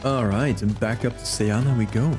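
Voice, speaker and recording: A man's voice: medium pitch, steady tone, moderate pace, music in the background. A man streaming a game, chatting casually and rambling to his viewers. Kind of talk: casual gaming stream chat.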